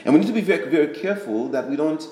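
A man with a slightly raised pitch preaches in a relaxed, conversational way, often stopping to restart or repeat a word. His voice rings out in a reverberant room. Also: very fast. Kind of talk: sermon.

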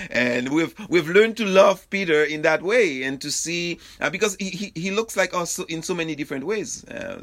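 A man of middle pitch preaching a sermon. He talks in a halting, informal way, full of ums, repeated words and restarts. He chuckles lightly between his points. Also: pushed and bright. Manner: halting, with many fillers and restarts, chuckles often. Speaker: pastor.

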